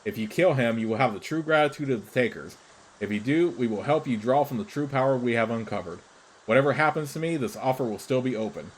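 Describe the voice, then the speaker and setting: A man voicing a sly creature spy in a fantasy game, speaking in measured, formal, persuasive sentences. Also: mid-range voice, animated, close to an everyday voice, rough recording. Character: sly scheming creature spy urging betrayal.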